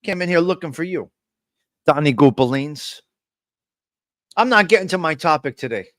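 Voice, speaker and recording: A man with a slightly high voice hosts a casual live stream from his desk microphone, loose and jokey. He keeps calling out his viewers by name, and the sound is dry and close, with no room echo. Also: animated, normal speed, a bit bright.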